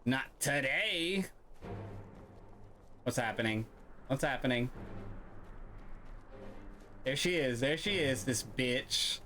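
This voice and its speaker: A man's voice: mid-range voice, slow pace, long pauses, pushed and bright. A man streaming a video game, commenting casually and swearing freely as he talks to the game and his viewers. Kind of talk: let's-play gaming commentary. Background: game music.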